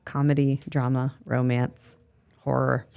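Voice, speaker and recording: A woman coach fires off light, playful questions with a grin in her voice. Her voice is unusually low for a woman, and she keeps the pace brisk. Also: flat delivery, vocal fry, a little mellow, smooth. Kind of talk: casual interview, quick questions.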